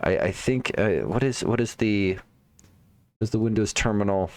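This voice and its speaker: A man's voice: lowish voice, normal speed, darkish tone. A man streaming live, thinking aloud while debugging code, muttering to himself, trailing off and repeating words.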